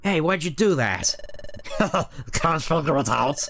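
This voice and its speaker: A man voicing a gruff male thief Pokémon in a video game, speaking in a gravelly, mocking way. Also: on the high side, animated, takes it slowly, fairly bright tone, slight background noise, voice pushed up, full character voice. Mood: taunting. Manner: taunting, mocking.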